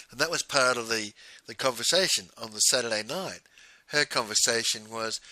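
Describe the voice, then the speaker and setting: A man's voice: medium pitch, normal speed, bright, forceful tone, dry recording, low-quality recording. A middle-aged man, a business coach giving a blunt recorded teaching monologue and ending his points with "right?".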